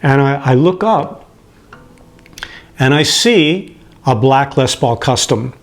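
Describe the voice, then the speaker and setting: A man's voice: medium pitch, slow pace. Man in his late 50s, heartfelt storyteller. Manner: animated, acts out the people he quotes, chuckles as he talks; gets emotional. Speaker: guitar owner telling his story. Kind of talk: personal storytelling to camera.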